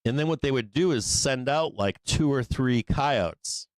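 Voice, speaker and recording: A man's voice: mid-range voice, animated, measured pace, no echo. A man hosting a live trading show, telling a long story in a casual, profane, rambling way, laughing often between lines. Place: studio office.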